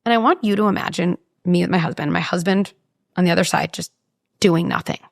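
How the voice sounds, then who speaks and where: A woman talking as a parenting psychologist in an interview, animated and explaining with vivid examples. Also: lowish voice, a little fast, creaky, no room sound, studio quality. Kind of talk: conversational interview.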